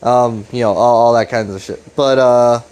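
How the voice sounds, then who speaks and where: A man's voice: medium pitch, steady tone, moderate pace, a little mellow, clean tone. A young man giving a casual, rambling recap commentary, loose and profane, full of fillers. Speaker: video commentator.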